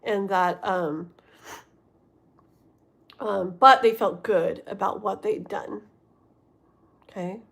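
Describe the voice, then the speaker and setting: A woman's voice: mid-range voice, slow, gravelly, pauses often, fairly bright tone. A woman giving a livestream tarot reading, rambling and often checking in with her listeners. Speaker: tarot reader.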